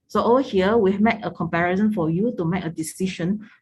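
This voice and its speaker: A woman's voice: medium pitch, brisk, darkish tone, slight background noise, rough recording. A woman, a product trainer explaining things step by step and asking rhetorical questions. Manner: explanatory, asks rhetorical questions, ends points with "yeah?".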